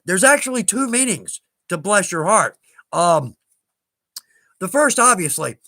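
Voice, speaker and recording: A man's voice: high-pitched, lively intonation, unhurried, pushed and bright, dry recording. A man with a Southern US accent hosting a live stream, chatting casually and rambling a little as he answers viewer questions with self-deprecating asides.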